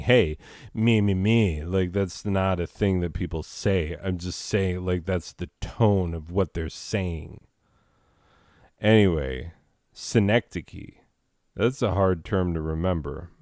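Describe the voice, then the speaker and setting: A man's voice: low-pitched, darkish tone, no room sound, clean studio sound. A man hosting a comedy show, rambling through improvised, self-mocking banter full of fillers.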